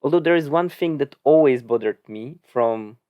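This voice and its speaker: A man's voice: mid-range voice, moderate pace, a little mellow, dry recording, clean studio sound. A man co-hosting a casual podcast, chatting loosely with many "like"s and restarts. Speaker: podcast co-host. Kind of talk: casual chat.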